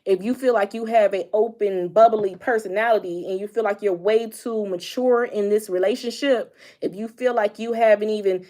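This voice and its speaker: A bubbly young woman talks straight to her viewers in a casual vlog chat about relationships. She is animated and expressive, laughing often as she goes. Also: medium pitch, moderate pace, few pauses. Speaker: vlogger giving relationship advice. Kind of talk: casual direct-to-camera chat.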